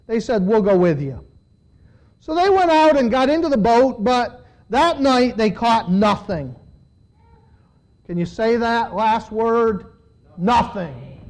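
A man with a very high-pitched voice preaches a sermon, reading a Bible passage aloud a little slowly and pausing to comment on it. His voice rises with animated emphasis as he reads, and the recording quality is low.

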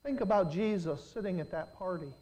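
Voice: expressive, poor audio. A pastor preaching with dramatic swings. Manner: swings from quiet, slow reflection to loud, rising emphasis; acts out quoted people in lowered voices. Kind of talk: preaching a sermon.

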